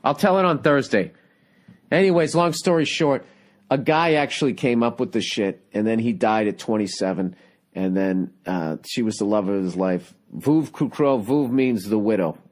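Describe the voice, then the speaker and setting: A man's voice: on the low side, moderate pace, darkish tone. A man in his forties hosting a podcast in a casual, profane, rambling chat, cracking jokes as he goes. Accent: Boston. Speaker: podcast host.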